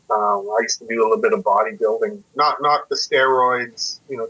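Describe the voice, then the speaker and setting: A man's voice: medium pitch, sharp tone, breathy edge. A man from Canada in his forties, a guest telling stories in a casual interview, reflective and self-deprecating, explaining things step by step. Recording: muffled lo-fi audio.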